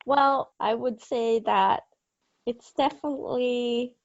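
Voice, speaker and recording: A woman's voice: fairly high pitch, steady tone, slow, gravelly, no echo. A woman co-hosting a podcast in casual chat, giggly and self-conscious as she banters. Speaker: podcast co-host. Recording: dry, slightly dull lo-fi sound.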